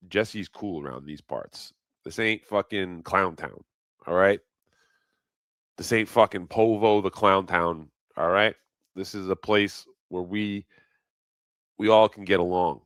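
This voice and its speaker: A man's voice: sits low, slow, a bit bright, dry recording. A man hosting a casual live stream, rambling and swearing freely, often breaking into laughter. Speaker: livestream host.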